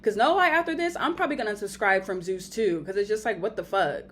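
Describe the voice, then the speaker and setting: A young woman giving a blunt, profane, animated recap of a reality show reunion. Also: mid-range voice, fast, a little hiss or hum. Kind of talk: casual recap commentary.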